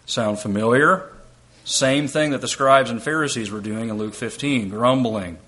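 A male preacher works through a scripture passage, reading verses aloud and explaining them step by step. He keeps checking in with rhetorical questions. His voice sits at an average pitch and has a bright, forceful edge. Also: moderate pace. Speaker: preacher and Bible teacher. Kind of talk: expository sermon.

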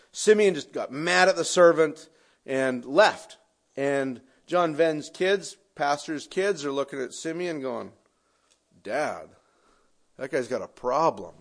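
A pastor preaching a sermon, expressive, shifting from raised emphasis to quiet conversational asides. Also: male voice, on the high side.

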